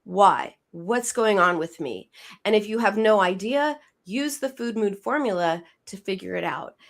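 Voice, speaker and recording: A woman psychoanalyst explaining her method as an interview guest, emphatic and quick to repeat and restart words. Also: mid-range voice, lively intonation.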